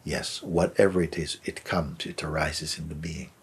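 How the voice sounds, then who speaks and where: Answering a question as a teacher, a man gives a soft, unhurried spiritual talk, often trailing into a whisper and gently repeating words for emphasis. His voice is bass and husky, with fairly even intonation.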